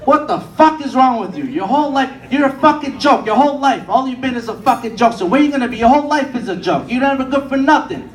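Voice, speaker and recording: A man's voice: very high-pitched, animated, fast talker, few pauses, recorded from a distance, pitched above the performer's own voice. A man doing a furious scornful father. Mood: contemptuous. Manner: shouting insults. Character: angry middle-aged father berating his son. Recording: echoey room, audience laughter.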